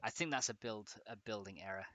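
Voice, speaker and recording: A young man with a voice on the low side talks briskly in a pushed, bright tone while livestreaming. He mutters to himself as he troubleshoots a game mod and chats casually with viewers, and the recording is dry.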